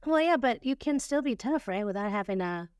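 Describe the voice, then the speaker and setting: Smooth-voiced woman podcast co-host. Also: fairly high pitch, lively intonation, darkish tone, no echo, studio quality. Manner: teasing, quick back-and-forth replies. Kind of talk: casual podcast chat.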